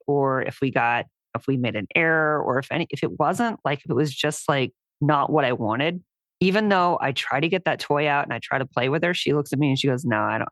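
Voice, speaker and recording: Low-voiced woman dog handler, jokey and dry, sounds close with no room. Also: dry recording. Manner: dry joking, frequent laughs. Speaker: podcast co-host, dog handler. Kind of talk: casual chat.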